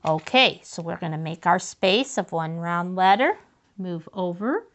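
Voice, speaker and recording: A woman teaching young children to write sentences, sounding out letters slowly and praising them. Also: fairly low pitch, animated, fairly bright tone. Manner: slow and encouraging, sounding out letters. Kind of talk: early-grade writing lesson to children.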